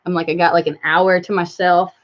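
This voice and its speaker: A woman's voice: on the low side, little pitch movement, a little fast. A woman talking casually to viewers on a live stream, rambling with many fillers and asides. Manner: rambling, filler-heavy, talks to viewers and her cat. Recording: slightly dull lo-fi stream audio.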